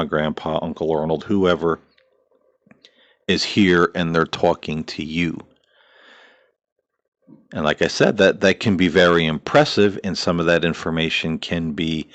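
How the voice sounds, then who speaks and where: Deep-voiced man, earnest spiritual talk. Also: no room sound. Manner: earnest, repetitive lists, frequent "uh" and "you know". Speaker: host of a paranormal talk show.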